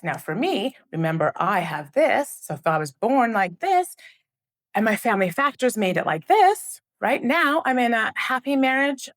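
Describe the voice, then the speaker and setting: A middle-aged woman, an educator and trauma researcher, giving a flip chart lesson to camera in an earnest, animated way with frequent rhetorical checks. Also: mid-range voice.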